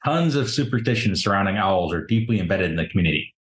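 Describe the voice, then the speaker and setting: A man narrating as game master of a tabletop game in an unhurried storytelling way. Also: low-pitched, expressive. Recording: roomy echo.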